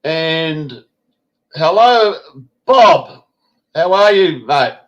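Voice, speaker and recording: A man's voice: a little high, lively intonation, drawn-out words, lo-fi sound. A man hosting a live-stream chat, rambling and swearing casually. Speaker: host.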